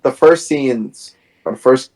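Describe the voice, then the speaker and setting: A man's voice: mid-range voice, slow, poor audio. A man co-hosting a podcast, retelling a film's plot in casual chat and acting out its scenes. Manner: animated retelling, acts out scenes. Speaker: podcast co-host. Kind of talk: casual film discussion.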